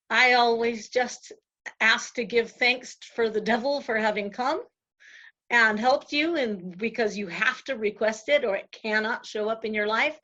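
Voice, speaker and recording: A woman's voice: on the high side, pushed and bright, highs cut off. A woman guest in a casual interview, telling stories animatedly and acting out voices, with frequent laughter.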